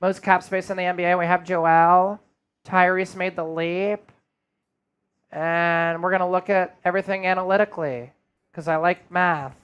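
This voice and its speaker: A man doing an impression of a calm, analytical basketball executive in a measured, smooth voice. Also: sits high, lo-fi sound. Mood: smug.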